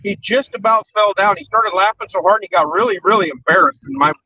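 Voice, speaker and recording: A man's voice: high-pitched, a little fast, sharp tone, slightly rough. A man telling a casual, rambling story with many fillers on a talk show. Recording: dull with faint noise.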